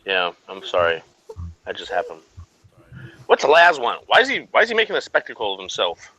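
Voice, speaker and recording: A man's voice: lowish voice, huge pitch swings, brisk, bright, forceful tone, low-quality recording. A man on an online voice chat, joking around rowdily, swearing freely and short on sleep. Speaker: panelist on a voice chat. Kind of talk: casual chat.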